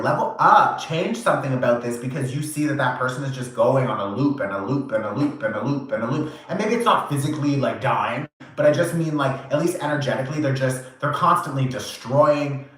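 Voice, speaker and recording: A man giving a channeled tarot reading, animated and casual, acting out quoted reactions, swearing now and then and laughing often. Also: medium pitch. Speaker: tarot reader. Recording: very echoey room.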